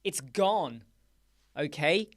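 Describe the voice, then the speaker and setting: A man's voice: a little high, expressive, extremely slow. Male host, casual live-stream chat, jokey and playful, fond of wordplay. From United Kingdom. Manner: jokey, playful, riffs on words and laughs often. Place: small dark room with soundproof panels.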